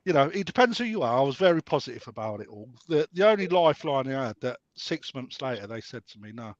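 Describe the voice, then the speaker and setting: A man's voice: medium pitch, sing-song, fast, no echo. A man telling blunt, sweary stories in a casual group chat over a video call. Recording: dull lo-fi call audio.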